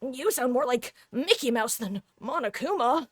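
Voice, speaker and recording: A woman voicing an upbeat young male anime protagonist in an eager, bright delivery. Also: high-pitched, expressive, normal speed, no room sound, studio quality, pitched above the performer's own voice. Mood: startled.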